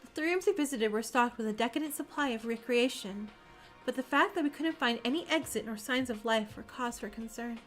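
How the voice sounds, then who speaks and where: High-voiced woman streamer reading narration. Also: a little fast, a bit bright, faint music behind. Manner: reads narration with small slips and self-corrections. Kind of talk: reading a visual novel aloud on a live stream.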